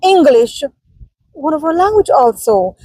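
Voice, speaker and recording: A woman's voice: high voice, very animated, a little slow, warm tone, low-quality recording. A woman from Jamaica with a Jamaican accent, talking casually and animatedly to her viewers as a vlogger, answering their comments.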